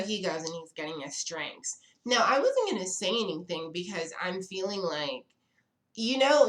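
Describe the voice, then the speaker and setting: A woman's voice: lowish voice, a bit bright. Sassy, chatty woman telling a story. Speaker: vlogger. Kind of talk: casual storytelling to camera. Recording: echoey room.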